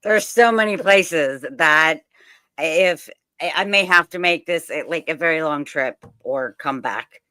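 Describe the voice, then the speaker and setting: A woman's voice: deep voice, unhurried, sharp tone, no room sound. A woman with a Southern US accent chatting eagerly as a guest, rambling with frequent ums. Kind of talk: casual video-call chat.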